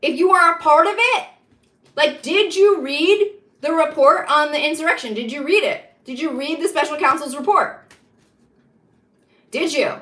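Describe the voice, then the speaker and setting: Woman ranting hard about politics, high bright voice, kinda echoey room. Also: moderate pace, pauses often. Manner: emphatic, repetitive, rising to heated insistence. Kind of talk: impassioned political monologue.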